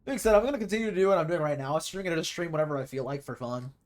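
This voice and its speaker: A man's voice: on the high side, expressive, very fast. A young man streaming a video game, chatting casually and rambling as he plays. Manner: rambling, chatty, with sudden loud mimicking shouts. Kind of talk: casual gameplay chat.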